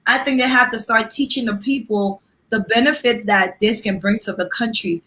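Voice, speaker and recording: A woman's voice: fairly high pitch, normal speed, sharp tone, rough recording. A woman from Liberia co-hosting a casual panel chat, speaking passionately and emphatically, repeating her phrases. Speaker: co-host.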